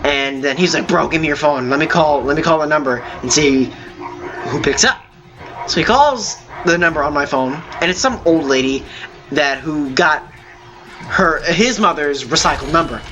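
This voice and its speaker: A man hosting a gaming video, telling a long story in a halting, rambling way with many fillers while he plays. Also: fairly high pitch, noisy background. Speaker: gaming channel host. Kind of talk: telling a story over gameplay.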